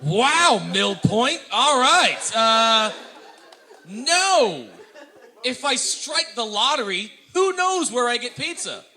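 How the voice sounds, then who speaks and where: A man performing stand-up comedy in an animated, self-mocking way, speaking straight to the audience. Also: very high voice, takes it slowly.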